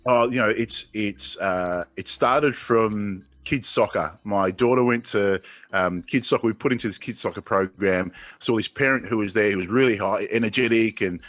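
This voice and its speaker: A man's voice: lowish voice, normal speed, fairly bright tone, dry recording, soft background music. A man in his forties with an Australian accent, a guest on a casual radio chat, telling stories and acting out the people he quotes. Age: 40s.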